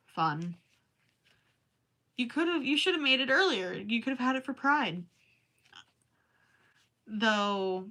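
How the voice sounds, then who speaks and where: A woman's voice: mid-range voice, lively intonation, unhurried, pauses often, pushed and bright. A young woman with a Minnesotan accent, chatting casually with viewers on a late-night crochet livestream, rambling and a little tired. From Minnesota, USA. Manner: rambling, chatty, talks to viewers while working. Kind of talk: casual chat while crafting.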